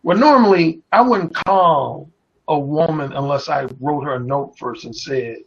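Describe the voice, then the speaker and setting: A man's voice: fairly high pitch, normal speed, creaky, a bit bright, slightly rough, muffled recording. A man who is a radio host, telling bold, explicit stories as a guest in a casual chat.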